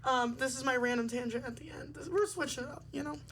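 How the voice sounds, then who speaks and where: A woman's voice: high voice, fast, a bit bright, a little hiss or hum, poor audio. A young woman hosting a podcast, talking in a bubbly, chatty way with lots of fillers. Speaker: podcast host. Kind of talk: casual chat.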